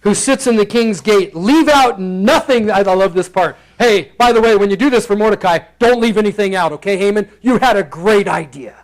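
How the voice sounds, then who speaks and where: High-voiced playful preacher. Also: male voice, moderate pace, hardly any pauses, poor audio. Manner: playful, acts out the characters in bursts. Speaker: pastor. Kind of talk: expository sermon. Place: church sanctuary.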